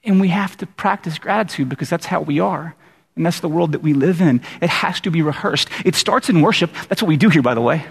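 Husky-voiced preacher in a reverberant church. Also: male voice, on the high side, a little fast. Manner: conversational, lively storytelling with many fillers. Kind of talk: sermon. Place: church sanctuary. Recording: long reverb of a church hall.

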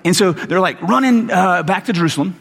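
A man's voice: high-pitched, animated, a little fast, gravelly, fairly bright tone. A man preaching a sermon as a pastor, retelling the story in a loose, joking way with casual asides. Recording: long hall reverb.

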